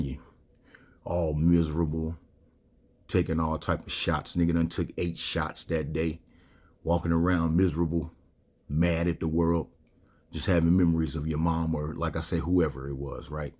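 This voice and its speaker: A man's voice: deep voice, mellow. A middle-aged man hosting a raw monologue, full of rhetorical questions and slang, getting emotional and close to tears as he talks. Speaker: host. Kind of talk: monologue to camera.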